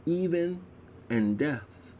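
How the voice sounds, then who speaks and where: A man slowly reading aloud a ritual text in a measured way, with an occasional stumble. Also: fairly high pitch, expressive, dark tone, slight background noise. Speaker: reader of a religious text.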